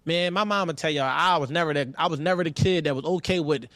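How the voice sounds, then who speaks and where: A man co-hosting a casual podcast, speaking candidly and profanely as he gives blunt relationship advice and tells lively stories. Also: a little high, fast, no room sound. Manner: lively storyteller. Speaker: podcast co-host.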